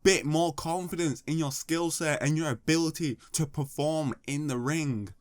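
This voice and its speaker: A man's voice: fairly high pitch, moderate pace, noisy background. A man giving sarcastic, mocking comedic commentary. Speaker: YouTube commentator.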